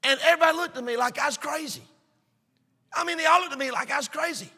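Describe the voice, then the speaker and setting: A man preaching a sermon, emphatic and storytelling, swinging between shouts and hushed asides. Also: very high voice, quick pace, in a large hall. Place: church sanctuary.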